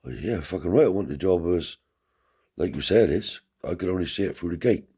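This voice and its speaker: A man's voice: sits low, lively intonation, a little fast, warm tone, breathy edge. A man telling a rambling anecdote in casual, profane speech, lifting his voice to act out the people he quotes. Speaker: storyteller.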